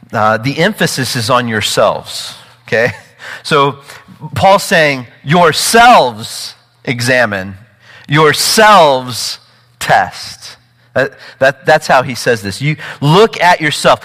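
A man preaching a sermon with emphatic, animated delivery, often repeating words and building to urgent peaks. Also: mid-range voice, in a large hall, rough recording. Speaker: pastor.

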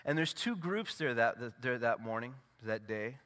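A man preaching a sermon as pastor, swinging from loud, emphatic peaks to low, intimate asides. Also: lively intonation, moderate pace. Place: church sanctuary.

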